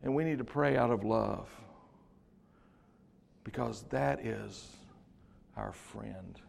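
An older man preaching a sermon as pastor in a church, swinging from hushed to loud with joking asides. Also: lowish voice, slow pace, vocal fry, husky. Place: church sanctuary. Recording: long reverb of a church hall.

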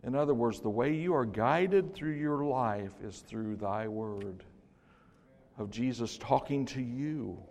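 An older man preaching a sermon as pastor in a church, swinging from hushed to loud with joking asides. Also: medium pitch, slow pace. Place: church sanctuary. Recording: long reverb of a church hall.

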